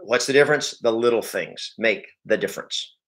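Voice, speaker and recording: A man leading a live sales training session, energetic and emphatic, repeating key points and speaking straight to his audience. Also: medium pitch, normal speed. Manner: addresses the audience directly. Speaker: real estate sales coach.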